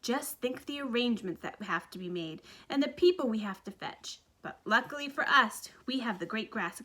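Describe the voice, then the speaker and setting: An exuberant, gushing candy-factory owner, a grown man full of theatrical delight, as a woman reader puts him on. The voice sits high and bright, with crisp exclamations that tumble over one another in a storybook telling. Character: excitable eccentric male candy factory owner.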